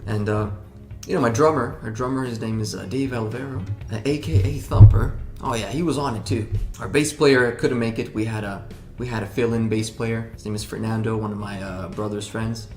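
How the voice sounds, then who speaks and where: In a loose interview conversation, a male rock musician wanders through his answers, restarting often and using lots of fillers. He speaks at medium pitch, briskly and with hardly any pauses, his voice gravelly yet a little mellow; the room sounds roomy, with music behind him.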